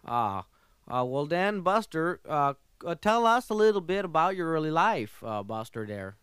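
A man's voice: on the high side, big pitch swings, normal speed, a bit bright, clean tone, no room sound, clean studio sound. A man playing a fussy French talk-show host with a French accent, hesitant and full of "uh", twisting his English. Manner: hesitant, lots of "uh", mangled English phrasing.

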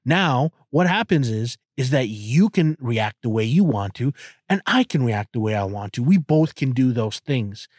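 A man's voice: mid-range voice, animated, normal speed, darkish tone, no room sound, clean studio sound. A man in his thirties hosting a podcast, talking in a crude, profane, rambling way with many restarts. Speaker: podcast host. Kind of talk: casual podcast monologue.

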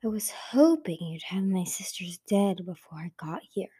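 A woman's voice: mid-range voice, lively intonation, normal speed, warm tone. A woman whispering as a cunning cool dragon, whispered role-play. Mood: cold. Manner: breathy whisper.

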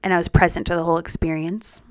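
A young woman telling her personal story as a podcast guest, earnest and reflective, in a soft-spoken way. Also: on the low side, little pitch movement, quick pace, dry recording.

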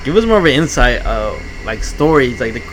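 Fast-talking man hosting a casual podcast. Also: mid-range voice, sing-song, noisy background. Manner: blunt, profane questioner. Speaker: podcast host. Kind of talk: casual chat.

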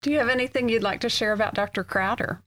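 Woman interviewer gently prompting. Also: fairly high pitch, quick pace. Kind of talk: oral history interview.

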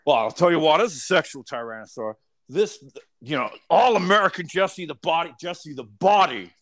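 A man's voice: on the high side, expressive, normal speed, fairly bright tone, voice pushed up. A man putting on a swaggering older wrestler-turned-governor, blustering and boastful.

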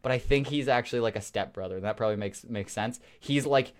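A man's voice: mid-range voice, quick pace, clear, resonant tone. Rambling, cursing podcast guy. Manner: rambling storyteller, lots of cursing and restarts. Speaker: podcast co-host. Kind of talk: casual podcast chat.

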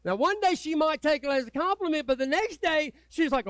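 A man preaching a sermon as pastor, folksy and swinging from loud urging to low, quiet asides. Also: animated, a little fast, no room sound. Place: church sanctuary.

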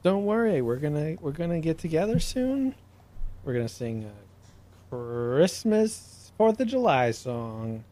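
A man co-hosting a podcast teases his friend with playful ribbing. His voice sits slightly high for a man and swings up and down with lively energy. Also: a little slow. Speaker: podcast co-host. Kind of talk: casual banter.

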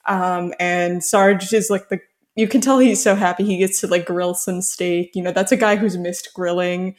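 A woman's voice: on the low side, fairly even intonation, moderate pace. A young adult woman co-hosting a casual podcast chat, talking loosely with lots of fillers and frequent laughter. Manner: chatty, filler-heavy, laughs often. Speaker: podcast co-host. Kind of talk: casual chat about a reality show.

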